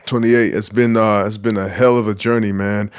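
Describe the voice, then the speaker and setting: A man's voice: on the low side, little pitch movement, moderate pace, clear, resonant tone. A man in his twenties from Nigeria, a basketball player speaking candidly and reflectively in a casual interview, with casual swearing. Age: 20s.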